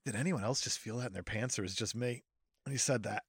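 A man's voice: mid-range voice, fast, slightly rough, no room sound, clean studio sound. A man hosting a podcast, chatting casually and joking crudely. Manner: joking, profane, lively. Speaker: podcast host. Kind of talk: casual chat.

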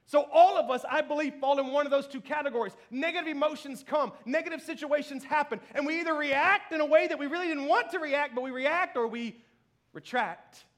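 A thirties-aged man preaching in church has a very high, slightly bright voice. As a pastor he talks in a relaxed, self-deprecating way, laughing frequently and leaning on "you know what I mean."

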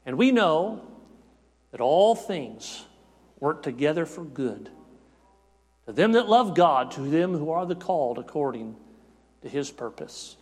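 A man preaching a sermon in rhythmic, repeating phrases, rising to shouts and dropping to hushed tones. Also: sing-song, a little slow, pauses often, slightly rough. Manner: rhythmic repetition, swinging between shouted peaks and hushed lows. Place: church sanctuary. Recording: long reverb of a church hall.

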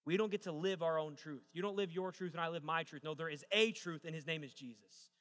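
A young man preaching to a congregation with a bright, forceful, fairly high voice. He tells a joking story and then drives his points home emphatically. His voice rings with a long reverb through a large church hall. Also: fairly quick. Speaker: pastor. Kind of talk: sermon.

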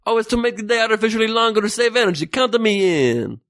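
A man's voice: high voice, quick pace, voice pushed up. Man doing a blustering indignant head of state. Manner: loud, indignant, then abruptly agreeable.

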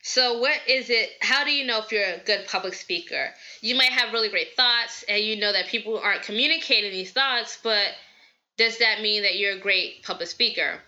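An energetic, bubbly woman from the American South, hosting a podcast with casual, chatty advice. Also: medium pitch, moderate pace, highs cut off. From Southern United States. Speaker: podcast host.

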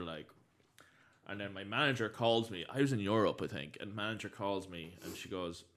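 A young man in casual chat as a guest, telling lively stories and laughing often. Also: lowish voice, fairly quick. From Ireland. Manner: animated storyteller, laughs often. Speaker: guest, bar owner.

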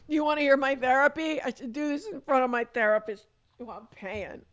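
A woman's voice: high-pitched, fairly quick, a bit bright, no echo. An older woman on a podcast, crying as she tells a candid personal story, swearing and mocking herself. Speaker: podcast guest.

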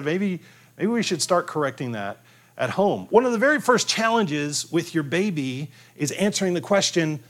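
A man preaching a conversational sermon on raising children, often restarting his sentences and acting out the cries of children. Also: fairly high pitch. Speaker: pastor.

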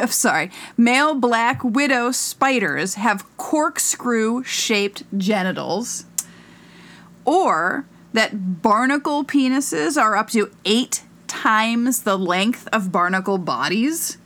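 A woman's voice: a little high, lively intonation, a bit bright. A woman co-hosting a casual comedy podcast, reading an article aloud in a joking way and stumbling over hard words. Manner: reads aloud haltingly, stumbling on words, jokey. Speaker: podcast co-host.

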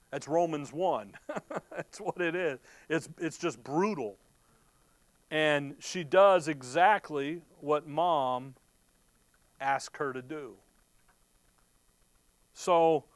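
With no room sound, a fairly high-pitched male preacher works through scripture one verse at a time, halting to explain each. He asks rhetorical questions he then answers, and when moved he starts words over.

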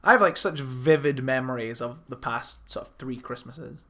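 A young man co-hosting a podcast, chatting casually, animated, swearing freely and laughing often. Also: mid-range voice, normal speed. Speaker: podcast co-host. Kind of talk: casual chat.

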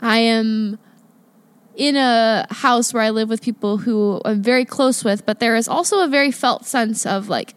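A young woman co-hosting a podcast, talking casually in a reflective, halting way. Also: fairly high pitch, clear, resonant tone, no room sound. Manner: reflective, halting, many fillers. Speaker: podcast co-host. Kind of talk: casual chat.

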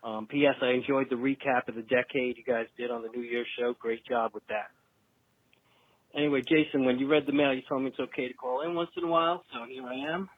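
A man with a New York accent talking through a tinny, narrow phone line. His voice comes across husky and close, with no room around it. He rambles along in a chatty, joking way, like a caller leaving a message for the show. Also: medium pitch, fairly even intonation, a little fast, no room sound.

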